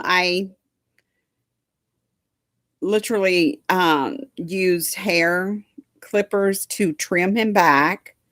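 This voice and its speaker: A woman's voice: on the low side, no echo, clean studio sound. A woman chatting casually to a live audience at home, folksy and doting, drifting into baby talk with her dog. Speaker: livestream host chatting with viewers.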